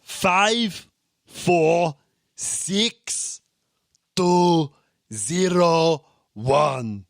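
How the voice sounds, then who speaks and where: Man doing a mock Austrian test reader, high and stiff, dry recording. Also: very slow, long pauses, no echo. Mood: mock-stern. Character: adult male quiz reader with a joke Germanic accent.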